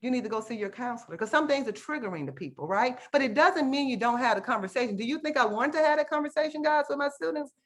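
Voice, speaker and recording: A woman's voice: high voice, fast, hardly any pauses, fairly bright tone. A woman teacher giving an earnest, emotional workshop talk over a video call, often checking in with "right?" and calling her audience "guys". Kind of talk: online conference presentation.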